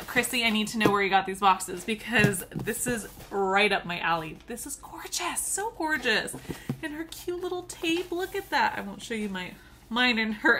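A woman's voice: a little high, sharp tone, slight background noise. A woman with children gushing and giggling as she unboxes a gift in a casual vlog. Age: adult with children. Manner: gushing and giggly, often squealing with delight. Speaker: tumbler crafter unboxing a gift.

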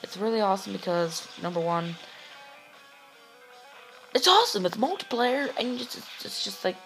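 An excitable man hosting gameplay commentary, shouting and whooping, his voice getting sore. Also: high voice, fast talker, creaky, faint music behind, poor audio. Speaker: gaming channel host.

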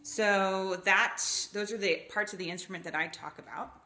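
A woman from Florida teaching violin, patiently explaining the parts of the instrument and sometimes demonstrating pitches with her voice. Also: moderate pace, bright, forceful tone. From Gainesville, Florida, USA. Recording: roomy echo, faint violin.

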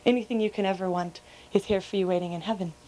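Woman playing a gracious, solemn male saint, mid-pitched voice. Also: steady tone, quick pace, mellow, natural voice, rough recording.

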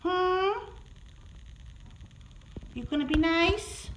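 A woman pet sitter coos at a cat in a client's home, her voice pitched a little high and swooping all over. She talks slowly and stretches her words into sing-song baby talk. She films the visit on a handheld phone. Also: animated, slight background noise, rough recording. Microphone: handheld phone camera.

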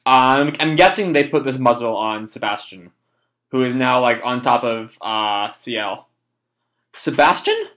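A man's voice: medium pitch, a little slow, fairly bright tone. A young man reading and reacting to a manga chapter in casual, rambling talk with swearing and lots of fillers.

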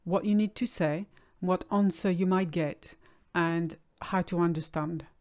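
A woman with a fairly low voice gives a calm, clear language lesson. She explains each word patiently and slows down on the key terms. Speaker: French teacher.

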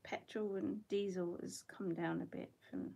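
A woman's voice: medium pitch, fairly even intonation, a little slow, gravelly, mellow, slightly rough. A middle-aged woman chatting casually while she paints in her bedroom, rambling and laughing often. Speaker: watercolour artist.

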